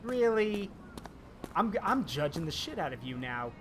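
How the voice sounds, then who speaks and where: A man's voice: on the high side, very animated, normal speed, a little hiss or hum. A man streaming a game, chatting in a rambling, teasing way. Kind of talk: casual gaming stream chat. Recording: game music behind.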